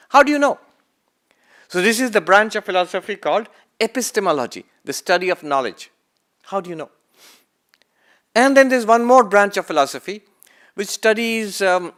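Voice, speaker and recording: Man with a higher voice, lecturing on philosophy. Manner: rhetorical questions, emphatic rises and soft trailing endings; slow deliberate delivery with repeated phrases. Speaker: monk giving a spiritual talk. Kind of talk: lecture-style sermon.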